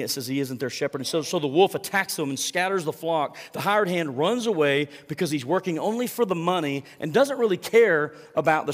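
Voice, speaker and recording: Speaking in a room with a big, open sound, this pastor has a fairly high-pitched voice. He delivers his sermon in an earnest, conversational way, reading scripture and praying, with plenty of fillers and repetitions.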